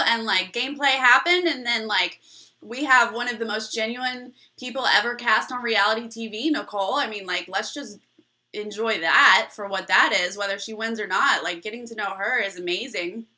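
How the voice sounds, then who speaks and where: A woman's voice: fairly high pitch, moderate pace, sharp tone. A young woman hosting a casual live chat with her viewers, bubbly and rambling, laughing often. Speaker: livestream host.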